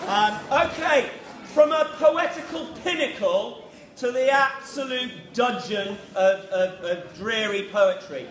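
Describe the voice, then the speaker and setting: A man compering a school poetry evening, wry and a little halting. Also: very high voice, fairly bright tone. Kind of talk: casual event introduction. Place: school hall. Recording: echoey hall with faint noise.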